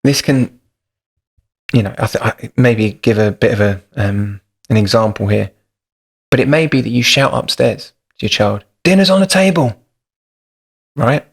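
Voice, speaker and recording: A man's voice: on the low side, normal speed, gravelly. A man hosting a podcast, talking in a thoughtful, practical, explanatory way. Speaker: podcast host.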